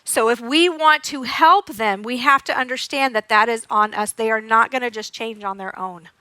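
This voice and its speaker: High, bright-voiced energetic woman teacher. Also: normal speed, dry recording. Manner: energetic and demonstrative, acting out sounds and voices; giggles often while teaching. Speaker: occupational therapist giving a conference talk. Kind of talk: live conference presentation.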